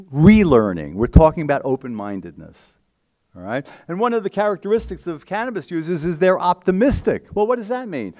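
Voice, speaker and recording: Man, high-pitched for a man, emphatic, conversational, conference lecture. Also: darkish tone. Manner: emphatic, conversational, with frequent "right?" checks. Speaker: scientist giving a lecture. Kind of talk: conference talk.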